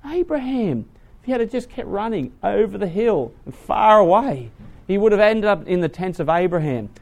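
A man preaching a sermon, retelling a story dramatically, swinging from hushed to loud. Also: sits high, big pitch swings, moderate pace, creaky.

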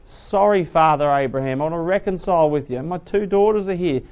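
A man's voice: fairly high pitch, brisk, darkish tone, natural voice. A man preaching, voicing a frightened old man who begs to be spared. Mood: pleading. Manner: begging, anxious.

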